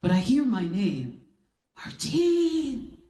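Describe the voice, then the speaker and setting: A woman giving a sermon as a guest speaker, telling a personal story with lively energy and acting out the voices of the people in it. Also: fairly low pitch, measured pace. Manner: animated, acts out quotes in voices. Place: church hall. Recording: roomy hall, distant mic.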